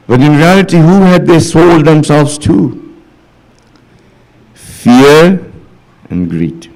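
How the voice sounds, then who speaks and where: Speaking slowly in a sing-song way, this religious speaker's darkish voice has vocal fry and long pauses. His majlis sermon in a mosque hall retells stories through quoted dialogue before building to impassioned, high-pitched pleading toward the close.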